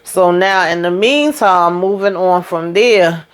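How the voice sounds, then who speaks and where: A woman hosting a casual TV episode recap, retelling scenes in lively quoted voices with frequent asides, while coming down with a cold. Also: fairly low pitch, slow pace, clear, resonant tone. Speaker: TV recap host.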